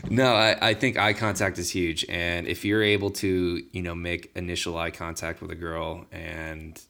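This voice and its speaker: Man, very low voice, gravelly, laid-back, casual chat with fillers. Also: flat delivery, normal speed, sharp tone.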